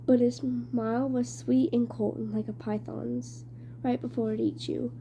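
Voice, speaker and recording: Woman reading a novel out loud, super slow, stumbles a lot, dark mellow voice, faint hum behind. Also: fairly high pitch, level tone. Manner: slow, with frequent stumbles and restarts. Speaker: reader.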